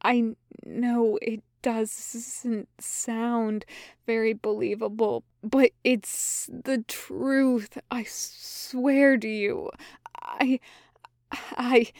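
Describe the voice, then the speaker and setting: A woman's voice: a little high, fairly even intonation, measured pace, a little mellow, no echo, clean studio sound, lightly acted. A woman doing a stammering, pleading demon. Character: frightened pleading male demon.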